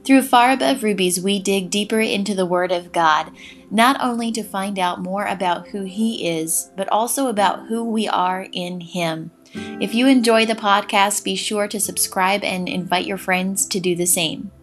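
A woman hosts a devotional podcast and teaches scripture in a chatty, animated way, retelling the story with lively emphasis. Her pitch sits in a middle range for a woman. A faint guitar plays behind her. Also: moderate pace. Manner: warm conversational teaching, checks in with "okay?"; animated storytelling, acts out the scene. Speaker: podcast host and pastor's wife.

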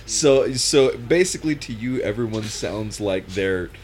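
Laughing podcast host, slow and lively. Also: male voice, lowish voice. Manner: laughs often, loud bursts of protest. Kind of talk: casual chat.

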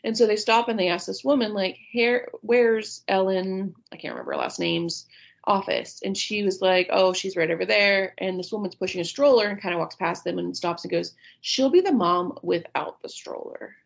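A woman's voice: medium pitch, lively intonation, moderate pace, vocal fry. A woman in her thirties, a podcast co-host, chatting casually and retelling movie scenes with frequent laughs. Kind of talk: casual chat about a movie.

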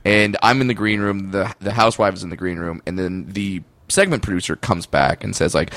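A man's voice: low voice, fairly quick, hardly any pauses, fairly bright tone, no echo. A man co-hosting a podcast who tells a story and acts out the lines of the people in it. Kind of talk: casual podcast chat.

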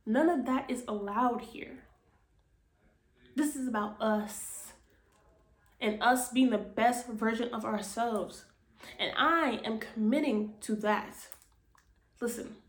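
Woman podcast host, slightly high voice, frank and profane, echoey room. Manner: blunt, frank, swears freely; earnest, repeats phrases for emphasis. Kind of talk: casual motivational talk. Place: indoors, speaking to camera.

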